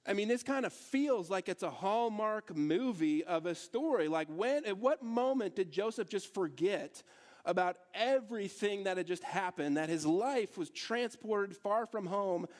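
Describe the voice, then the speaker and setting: A man's voice: high voice, lively intonation, measured pace. A male pastor preaching a sermon to his church in a conversational way, asking the congregation rhetorical questions. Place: church service in a theatre hall.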